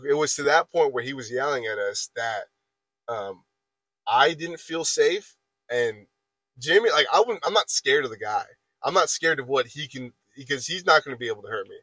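A man in his twenties recounts a workplace argument in loose, rambling podcast chat. His voice sits at an ordinary middle pitch. The sound is dry and close, with little room echo. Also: expressive, a little fast, a bit bright. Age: 20s. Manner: rambling, repeats filler phrases and restarts while retelling an argument. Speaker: podcast guest telling a story. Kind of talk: casual storytelling chat.

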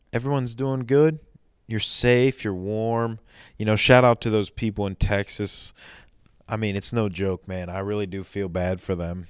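A man's voice: lowish voice, fairly even intonation, measured pace, smooth, no room sound, clean studio sound. A man in a rambling comedy monologue, talking to his audience in a mock-soothing, sarcastic way, full of restarts.

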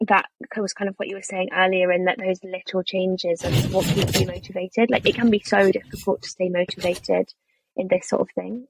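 Flat, gravelly-voiced woman podcast host. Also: mid-range voice, dry recording, poor audio. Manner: encouraging, reflective. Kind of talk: casual conversation.

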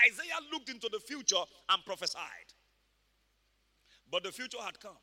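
A man preaching a sermon as a pastor, animated and emphatic, often shouting. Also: high voice, fairly quick, long pauses. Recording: reverberant church hall.

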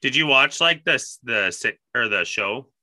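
Enthusiastic man with a very bright voice. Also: mid-range voice, animated, unhurried, dry recording. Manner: enthusiastic, swears casually. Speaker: podcast co-host. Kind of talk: casual chat.

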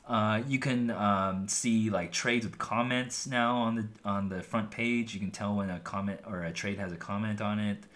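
A man's voice: on the low side, fairly bright tone. Rambling young man hosting a podcast. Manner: rambling, full of "like" and "um" fillers. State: losing his voice. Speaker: podcast host. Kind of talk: casual solo podcast talk.

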